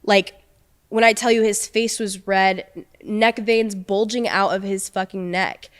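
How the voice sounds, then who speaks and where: A young woman guest on a podcast, telling a personal story in an earnest, halting way with many restarts. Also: medium pitch, fairly even intonation, clean tone.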